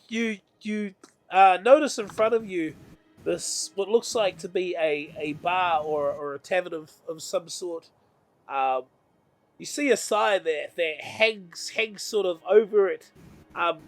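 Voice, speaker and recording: A man runs a tabletop game, describing scenes in a meandering way and correcting himself often. His voice sits high for a man, with soft music playing faintly behind him. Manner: meandering, self-correcting narration. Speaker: game master.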